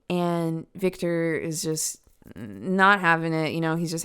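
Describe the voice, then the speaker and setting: A woman's voice: on the low side, animated, takes it slowly, fairly bright tone, smooth. A woman hosting a true crime podcast, telling the case in a casual, chatty way with asides to the listener.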